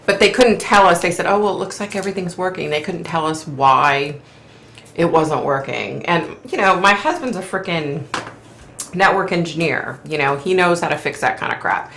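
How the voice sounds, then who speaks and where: A woman's voice: low voice, animated, normal speed, a bit bright, roomy sound, slight background noise. A middle-aged woman hosting a live stream from home, chatting casually in a rambling way and laughing often. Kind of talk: casual chat.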